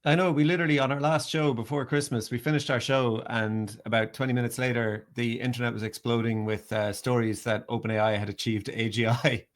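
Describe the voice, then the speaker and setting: A man's voice: medium pitch, steady tone, a little fast, hardly any pauses. Hesitant man hosting a podcast. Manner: conversational, hesitant, many fillers and repeats. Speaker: podcast host. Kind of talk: casual podcast chat.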